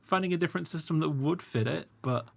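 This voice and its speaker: A man's voice: fairly high pitch, quick pace, vocal fry. A British man, a guest on a tabletop game podcast, chatting casually in a wry, self-deprecating way. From Britain.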